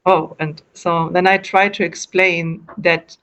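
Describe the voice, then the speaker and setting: A woman's voice: on the low side, level tone, takes it slowly, a bit bright. A woman from Germany with a German accent, answering interview questions in English in a casual, hesitant way, often restarting and correcting herself as she explains.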